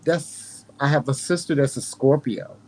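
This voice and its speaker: A man's voice: mid-range voice, unhurried, dark tone. A man with a Southern American drawl, hosting a casual conversation, earnest and often restarting his sentences. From North Carolina. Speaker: host.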